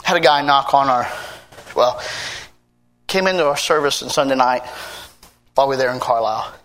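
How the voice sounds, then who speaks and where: A man with an American accent, preaching a sermon and telling a story from his ministry in a quiet, confiding way. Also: medium pitch, normal speed. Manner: energetic, shouting and laughing in an acted-out pancake run. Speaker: pastor. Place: church service with a congregation.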